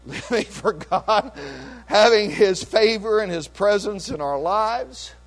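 Male pastor preaching, high lively voice, slow repeated phrases. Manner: preaching cadence, repeats phrases, rises to shouts. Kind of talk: sermon. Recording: mains hum behind.

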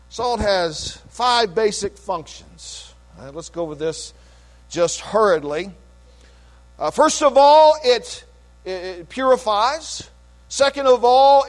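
Male pastor preaching, high lively voice, slow repeated phrases. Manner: preaching cadence, repeats phrases, rises to shouts. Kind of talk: sermon. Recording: mains hum behind.

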